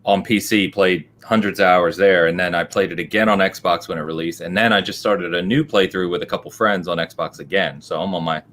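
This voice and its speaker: Podcast host guy, low voice, upbeat, lots of quick yeahs, a bit of faint hiss. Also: steady tone, a bit bright. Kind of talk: casual podcast chat.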